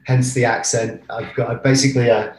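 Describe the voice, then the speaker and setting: A man's voice: medium pitch, level tone, a little fast. A man from the south coast of England, English accent with an American r, a travel writer talking casually in an interview, laughing often and reflective. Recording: roomy echo.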